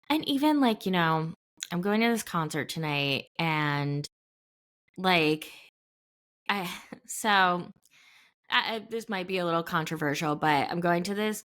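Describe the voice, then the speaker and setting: A woman's voice: deep voice, fairly bright tone. Chatty middle-aged woman co-host. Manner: chatty storyteller, rambling with many asides. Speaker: podcast co-host. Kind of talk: casual chat.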